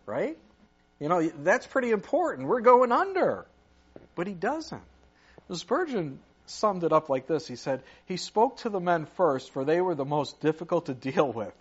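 Higher-voiced male pastor, dull lo-fi sound. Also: very animated, normal speed, few pauses, slightly rough. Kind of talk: sermon.

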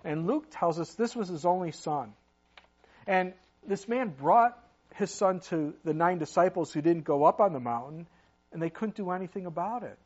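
A man's voice: high-pitched, animated, moderate pace, muffled recording. A middle-aged man preaching a sermon in a conversational way, with asides and sudden emphatic rises. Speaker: pastor.

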